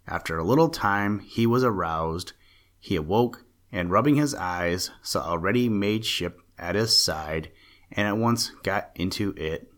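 Low-voiced man reading a fairy tale. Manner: steady, measured reading. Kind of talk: storybook narration.

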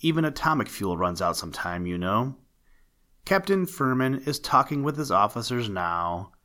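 A man reading as a calm kindly father. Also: medium pitch, moderate pace. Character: kind, unselfish father on a spaceship.

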